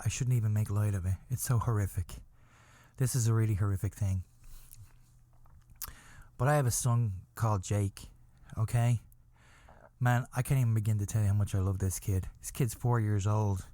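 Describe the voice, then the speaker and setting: A man hosting a comedy podcast, telling a crude mock-serious story in a rambling way and breaking into high wailing cries. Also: dark tone, no room sound. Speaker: podcast host.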